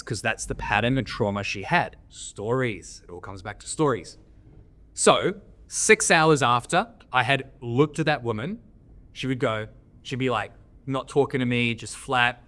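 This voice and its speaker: A man's voice: mid-range voice, a little slow, bright, forceful tone. A man from Australia, a podcast guest and men's coach telling candid stories in a blunt, coaching tone and swearing freely. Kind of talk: candid interview storytelling.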